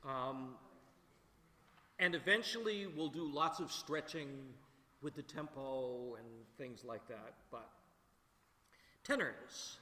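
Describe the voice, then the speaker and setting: Slow-talking choir director in echoey hall. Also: male voice, mid-range voice. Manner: relaxed, thinking aloud with many fillers. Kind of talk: rehearsal instruction. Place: large echoey rehearsal hall. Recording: echoey hall with long reverb, faint music.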